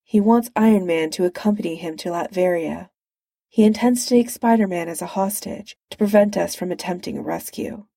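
A woman voicing a calm, formal heroine in a storybook reading, measured and precise. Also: fairly low pitch, gravelly, dry recording, clean studio sound.

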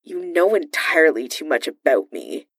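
A woman voicing a guarded man in armor who talks low, clipped and reluctant. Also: big pitch swings, moderate pace, fairly bright tone, breathy edge, no room sound, studio quality, full character voice. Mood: dry.

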